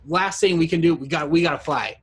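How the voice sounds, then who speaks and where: A co-host in a casual movie review discussion, talking in rambling, restarting sentences and dropping low when complaining. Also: quick pace, slightly rough.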